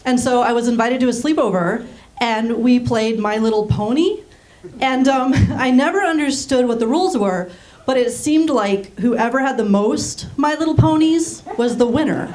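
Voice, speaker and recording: A woman in her thirties, raised in Germany, doing a deadpan stand-up set on a small theater stage with frequent ums. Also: fairly high pitch, moderate pace. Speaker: stand-up comedian. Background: audience laughing.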